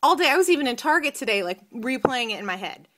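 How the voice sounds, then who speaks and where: A woman in her thirties chatting to camera in a vlog, telling a long story in a rambling, animated way. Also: high voice, fast. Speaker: vlogger. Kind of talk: casual chat to camera.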